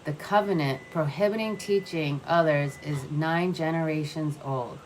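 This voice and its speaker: Woman voicing a gentle, wise old grandmother. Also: low voice, slight background noise, rough recording. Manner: calm, measured and gentle.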